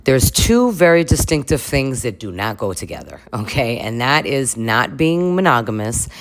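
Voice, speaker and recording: Woman, reality show reaction commentary, very deep voice, crude jokes, laughs a lot, chatty. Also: big pitch swings, moderate pace, slight background noise. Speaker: commentary vlogger.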